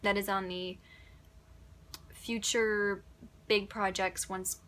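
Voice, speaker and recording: A woman from Upstate New York who narrates audiobooks, answering questions in a chatty, animated way and laughing often. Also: medium pitch, slow. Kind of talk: casual Q&A answers. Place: home closet used as a booth.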